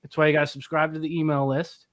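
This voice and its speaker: A man's voice: on the high side, little pitch movement, quick pace, no room sound, clean studio sound. A man co-hosting a casual livestream, talking up upcoming news in a chatty, promotional way. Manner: chatty, promotional, restarts phrases. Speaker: co-host.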